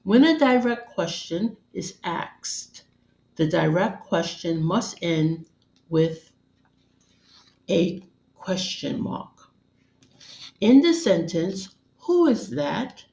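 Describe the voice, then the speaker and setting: A woman reads a scripted grammar lesson at a slow, careful pace, spacing out each phrase. Her voice sits a little low and carries a roomy echo around it. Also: animated, darkish tone. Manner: measured, deliberate, instructional. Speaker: teacher.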